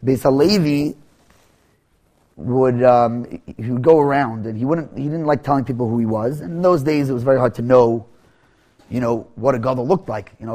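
A man telling a teaching story, often halting, repeating words and restarting. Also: mid-range voice, darkish tone. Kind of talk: storytelling lesson.

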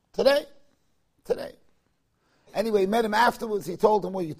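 Husky high-voiced Torah teacher. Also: male voice, animated, a little fast, long pauses, a little mellow. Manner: chants verses, jokes in asides. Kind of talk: Torah lecture.

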